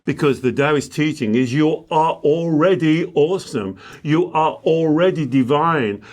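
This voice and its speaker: A man's voice: on the high side, a little slow. Emphatic male spiritual coach. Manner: emphatic, acts out client dialogues. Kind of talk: teaching conversation.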